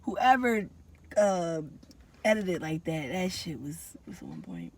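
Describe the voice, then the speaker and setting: A woman's voice: fairly low pitch, wildly swooping pitch, takes it slowly, darkish tone. A woman co-hosting a podcast in laid-back casual chat, sick with a cold. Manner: laid-back, laughing banter. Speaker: podcast co-host. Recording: noisy background.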